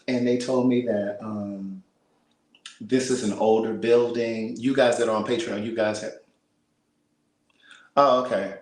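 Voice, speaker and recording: An American man talking casually to live viewers from a small apartment, speaking softly and half-whispering, laughing and reading out comments. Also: fairly low pitch, steady tone, measured pace, pauses often, reverberant, poor audio. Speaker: vlogger on a livestream.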